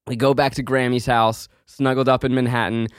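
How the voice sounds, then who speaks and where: A man's voice: medium pitch, flat delivery, fairly quick, clean tone, dry recording, clean studio sound. A man hosting a podcast, telling stories in a casual, comedic way and laughing as he talks. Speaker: podcast host.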